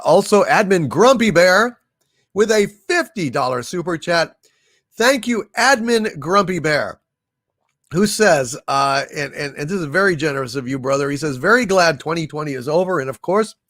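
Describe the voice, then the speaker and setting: A man hosting a livestream, slowly reading out viewers' messages and thanking them, with many fillers and restarts. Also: on the high side, a bit bright, no room sound, clean studio sound. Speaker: livestream host reading super chats. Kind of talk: casual livestream chat.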